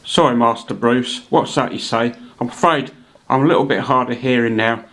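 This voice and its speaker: A man voicing an elderly butler who is deadpan and hard of hearing. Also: mid-range voice, normal speed, lightly acted.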